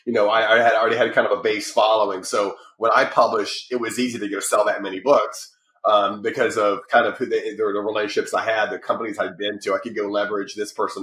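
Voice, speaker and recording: A man's voice: lowish voice, roomy sound. A middle-aged man guesting on a podcast, talking casually and rambling with lots of restarts and fillers. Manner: rambling, lots of restarts and fillers, animated when telling stories. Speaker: podcast guest, publishing company founder. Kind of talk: casual interview talk.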